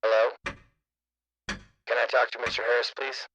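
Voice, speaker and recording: A man's voice: medium pitch, level tone, moderate pace, pushed and bright, lo-fi sound, slight background noise, pitched below the performer's own voice, close to an everyday voice. A man reading a publisher calling on the phone, polite and stiff, slipping into a Southern drawl. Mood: insistent. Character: brisk male publisher's clerk on the phone.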